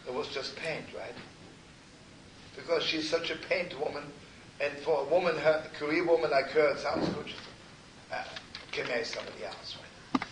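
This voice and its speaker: Older rabbi, hushed roomy live sermon. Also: male voice, on the high side, moderate pace, pauses often. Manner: intimate, repeats phrases, often drops to a hushed near-whisper. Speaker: rabbi and teacher. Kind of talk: storytelling sermon to a live gathering. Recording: roomy distant live recording with noise.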